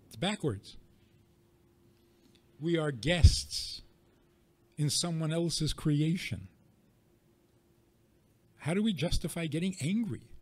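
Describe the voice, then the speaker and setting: A man speaking as a rabbi, his voice sitting a little higher than most men's. He teaches an audience, prodding them with rhetorical questions. He makes his points through wry, everyday examples. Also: lively intonation, slow, long pauses, darkish tone.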